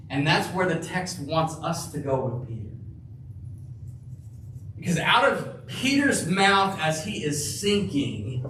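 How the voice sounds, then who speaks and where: A man preaches in a high voice at an unhurried pace, leaning on each phrase and dropping to a near-whisper for emphasis. He is heard from a distance in a reverberant church sanctuary, with a faint hum of room noise behind him. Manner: slow, emphatic preaching with dramatic drops to a hush. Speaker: pastor. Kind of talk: sermon.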